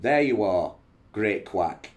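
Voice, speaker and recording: A man with a low voice reading the lines of a jovial, mocking male emperor in a read-aloud history passage, his pitch slightly raised. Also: lively intonation, takes it slowly. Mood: teasing.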